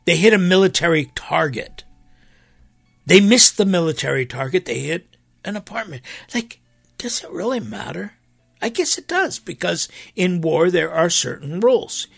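A man's voice: high-pitched, no echo. A man who preaches, talking earnestly in a conversational way, with emphatic rises. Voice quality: gravelly, husky. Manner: earnest, emphatic, with animated rises and quoted voices. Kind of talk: impassioned conversational talk.

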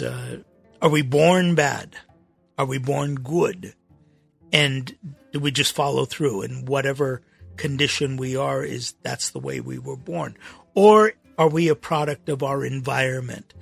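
A man's voice: fairly high pitch, creaky, a bit bright, slightly rough. A male priest hosting a podcast, reading scripture aloud and then reflecting on it in a conversational, emphatic way. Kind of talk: podcast sermon.

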